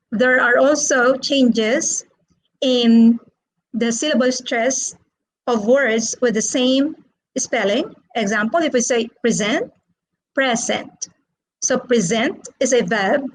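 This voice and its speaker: A woman teaching an English lesson, explaining slowly and patiently and repeating words for listeners to echo back. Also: fairly high pitch. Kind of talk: slow classroom explanation with repetition drills.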